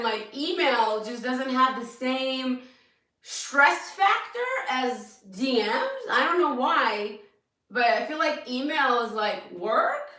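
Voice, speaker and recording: A woman fitness coach talking casually to her followers, tearful and rambling, with quick bursts and laughs. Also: sits high, sharp tone, distant mic. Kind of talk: emotional casual talk to followers. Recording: echoey room, voice off-mic.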